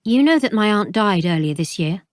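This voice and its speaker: A woman's voice: mid-range voice, animated, normal speed, dry recording, studio quality, close to an everyday voice. A woman voicing a guarded young bookshop owner. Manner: polite but guarded.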